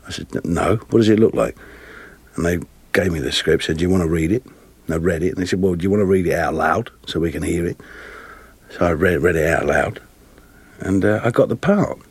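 A man with a Cockney accent, a guest actor telling lively anecdotes with frequent laughter. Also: sits low, a little fast, slightly rough, dry recording. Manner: animated, laughing often, plays voices in his stories. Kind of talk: storytelling interview anecdotes.

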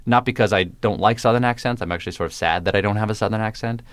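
A comedian from the American South, with no regional accent, is a guest on a radio interview, talking wryly and playfully with precise diction. His voice sits on the low side and comes out rapid-fire and smooth, with no room sound.

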